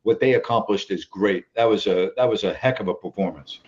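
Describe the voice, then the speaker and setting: A man's voice: lowish voice, fairly quick, a little mellow, muffled recording, slight background noise. A man hosting a call-in sports talk show, talking emphatically, often repeating himself and checking in with "all right?".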